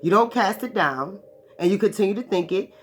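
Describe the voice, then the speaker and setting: A woman with a mid-range voice and lively intonation gives a brisk, profane, emphatic preaching monologue on spiritual ideas to her followers, often checking in with "right." A little hiss or hum sits under the recording.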